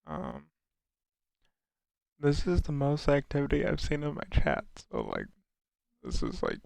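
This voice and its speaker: Young man, gravelly fry, very lively pitch, casual live-stream chat, reads chat questions aloud, stumbles and restarts. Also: measured pace, no echo. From United States. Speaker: livestreamer.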